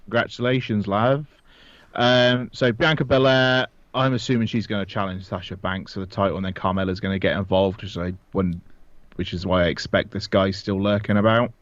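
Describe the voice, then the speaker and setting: A man's voice: lowish voice, steady tone, fairly quick, a bit bright, no echo. Rambling man on a dry, dull podcast mic. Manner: rambling, filler-heavy, laughs often. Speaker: podcast co-host. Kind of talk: casual chat.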